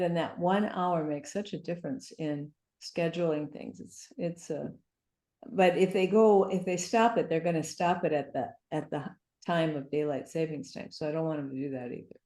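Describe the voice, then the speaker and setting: A woman's voice: low voice, warm tone. A woman guest on a video call, talking in a chatty, rambling, apologetic way. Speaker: guest speaker. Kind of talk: casual chat. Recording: roomy echo.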